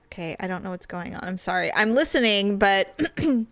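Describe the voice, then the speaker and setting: A woman's voice: medium pitch, expressive, a little fast, fairly bright tone, dry recording. A woman with a stuffy nose chatting casually as a podcast co-host over a Skype call, rambling and a bit frustrated. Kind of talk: casual chat.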